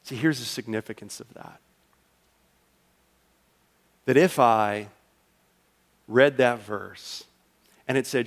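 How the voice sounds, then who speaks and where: A man preaching a sermon as pastor, swinging from loud, emphatic lines to a hushed, low delivery and acting out a listener's thoughts. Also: measured pace, pauses often, in a large hall. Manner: acts out a listener's thoughts in quoted asides.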